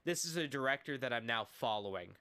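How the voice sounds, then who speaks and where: A man co-hosting a casual podcast, recapping a movie in an excitable, rambling way. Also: mid-range voice, quick pace, clean tone. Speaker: podcast co-host. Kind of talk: casual chat.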